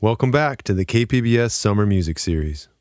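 A man announces a radio music segment from a script, speaking a bit low. His delivery is measured and polished, and the studio sound is dry and close. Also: animated, a little mellow, dry recording.

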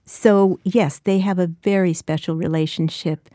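A woman's voice: on the low side, fairly even intonation, normal speed, dark tone, no echo, clean studio sound. A woman in her sixties, an author being interviewed, who speaks reflectively with frequent restarts. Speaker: author and guest. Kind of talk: interview conversation and reading.

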